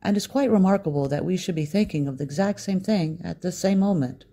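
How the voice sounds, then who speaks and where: A man reading the lines of an eccentric Italian professor in his sixties, cheerful and rambling, with a gravelly, dark voice. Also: sits high, a little fast. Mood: eager.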